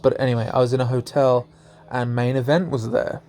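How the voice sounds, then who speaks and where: A man's voice: mid-range voice, flat delivery, brisk, warm tone. A young man casually telling a strange story as a vlogger, laughing often and swearing freely.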